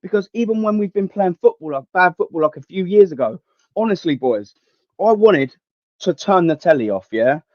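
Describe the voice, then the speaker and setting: Brief: young man, high voice, blunt sweary stream rant, dull dry lo-fi audio. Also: lively intonation, normal speed, no room sound. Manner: blunt, sweary, slangy and heated. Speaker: livestream host. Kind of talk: ranting livestream chat with viewers.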